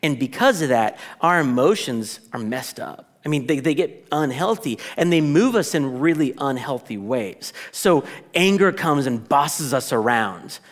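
A man preaching a sermon to a congregation in a conversational, animated way, often restarting his sentences and acting out quoted reactions. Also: on the high side, a little slow, hardly any pauses. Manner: conversational, animated, self-interrupting, with playful quoted asides. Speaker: pastor.

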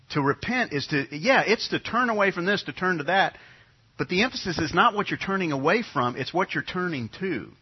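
With a husky voice on the high side, a middle-aged New York pastor preaches in a conversational way. He keeps repeating his key phrases, and the recording has a dull, lo-fi quality.

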